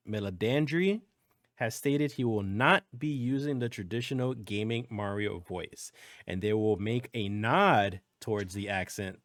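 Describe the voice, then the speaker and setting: A man's voice: lowish voice, unhurried, a bit bright, no room sound. A man hosting a casual gaming news podcast, rambling and restarting as he talks things through. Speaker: podcast host.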